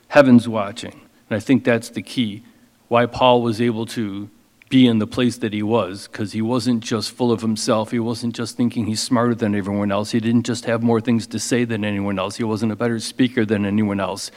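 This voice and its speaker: A man preaching as a pastor, reading scripture slowly with emphasis and then explaining it in a casual, conversational way. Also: lowish voice, level tone, a little mellow, big-room sound. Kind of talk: expository sermon.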